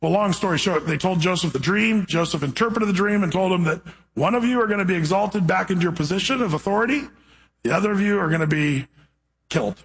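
High-voiced man preaching. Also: fast, rough recording. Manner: animated storytelling with playful asides. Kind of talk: sermon with scripture reading and retelling.

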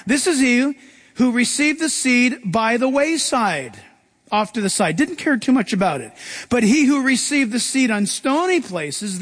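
High-voiced animated preacher in a big hall. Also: male voice. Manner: animated preacher, acts out Bible voices with big pitch jumps. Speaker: pastor. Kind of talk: sermon.

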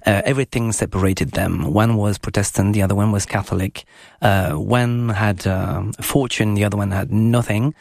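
French guide on a radio show, gravelly, dry close sound, eager and halting. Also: male voice, fairly low pitch, steady tone, a little mellow, dry recording. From France. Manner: enthusiastic, descriptive, slow and halting. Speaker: guest travel guide. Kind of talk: casual radio chat.

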